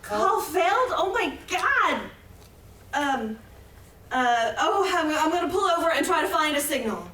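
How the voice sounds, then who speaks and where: A woman's voice: high-pitched, sing-song, measured pace, bright, forceful tone, a little hiss or hum, heavily acted. An actress playing a dramatic, flustered young woman stranded on a road trip, in a staged play reading recorded from across a theatre. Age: young adult. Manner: exclaiming, flustered, stammering. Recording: roomy theatre, mic far off.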